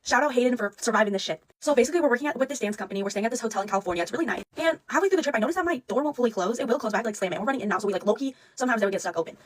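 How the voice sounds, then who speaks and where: Fast-talking excited woman. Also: on the high side. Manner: excited, breathless, profane. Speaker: storyteller. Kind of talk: casual storytime.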